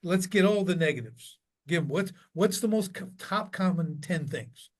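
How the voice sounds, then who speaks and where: A man who coaches contractors, talking in a casual interview and telling stories with lively, acted-out quotes. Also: high-pitched, normal speed. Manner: animated storyteller, acts out quoted lines.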